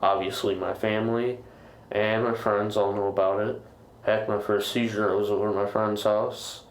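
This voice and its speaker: A man chatting as a podcast guest, talking in a rambling, halting way with frequent restarts. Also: fairly low pitch, level tone, reverberant. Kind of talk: casual chat.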